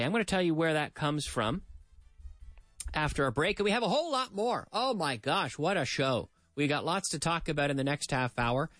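A man teaches on the radio in a chatty, lively way, and his fairly high voice swings up and down a lot. The sound is dry and close, with no room around it. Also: a little fast, dry recording, faint music behind. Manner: chatty, mixes in translated explanations, talks to co-host. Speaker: radio English teacher and host. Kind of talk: lively radio language lesson.

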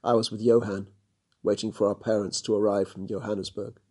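A man narrating a storybook chapter in a steady, measured reading. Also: on the low side.

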